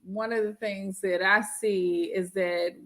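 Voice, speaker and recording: A woman's voice: medium pitch, steady tone, takes it slowly, a bit bright. A woman, a guest pastor and wife, speaking casually and thoughtfully about marriage, with frequent ums.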